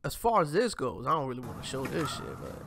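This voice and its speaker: A man's voice: mid-range voice, very animated, fast talker, vocal fry, fairly bright tone, a little hiss or hum. A man hosting a casual commentary show, reacting to clips and talking straight to viewers in slangy, profane talk. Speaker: host.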